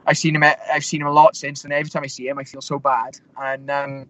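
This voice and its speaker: A man's voice: medium pitch, monotone, quick pace, a bit bright, poor audio. A young man in his twenties, a fighter, rambling through stories with lots of fillers and restarts. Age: 20s. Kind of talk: casual interview storytelling.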